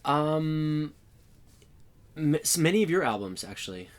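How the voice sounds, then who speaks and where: A man answering interview questions in a trailer on a TV set, easygoing and relaxed, with hesitant fillers. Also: a little high, measured pace. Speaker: interview guest.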